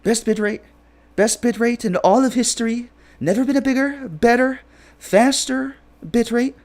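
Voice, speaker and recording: A man doing a high, pompous British-accented politician. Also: fairly even intonation, moderate pace, a little mellow. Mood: boastful. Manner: bragging superlatives, pompous. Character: boastful older male politician impression. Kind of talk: comic impression.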